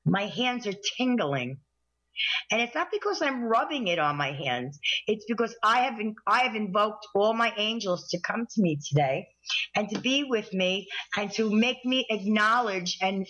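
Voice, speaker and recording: Woman, psychic radio co-host, casual chat, earnest, animated, slightly muffled audio. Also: mid-range voice.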